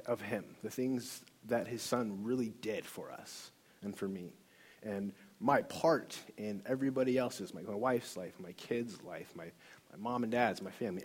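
Husky man giving earnest testimony. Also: lowish voice, moderate pace. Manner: earnest, emotional storytelling with many restarts. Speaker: workshop leader. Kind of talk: personal testimony.

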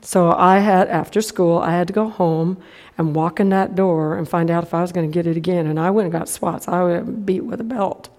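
Speaking fairly fast in a lowish, darkish voice, a middle-aged woman uses her sermon to tell a down-home personal story. She voices the other characters' lines as she goes.

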